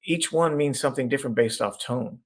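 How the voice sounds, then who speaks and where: A middle-aged man, an executive coach guesting on a podcast, explaining his ideas through lively stories and acted-out voices. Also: mid-range voice, a little fast. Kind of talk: conversational storytelling.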